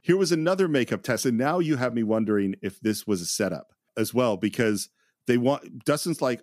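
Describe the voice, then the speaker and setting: A man co-hosting a casual film commentary podcast, enthusiastic and quick to laugh. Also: medium pitch, lively intonation, a little mellow, dry recording, clean studio sound. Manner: enthusiastic, laughs often, acts out quotes. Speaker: podcast co-host.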